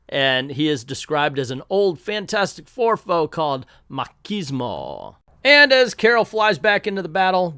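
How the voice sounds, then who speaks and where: Animated, sarcastic man reviewing comics. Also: fairly high pitch, clean tone, no echo, studio quality. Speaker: comic book reviewer, channel host. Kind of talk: casual review commentary.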